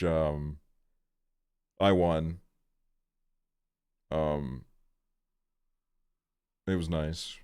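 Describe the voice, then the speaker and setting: A young man with a very deep, smooth, clear voice tells a rambling story in a laid-back, casual way. He swears freely as he streams. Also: darkish tone.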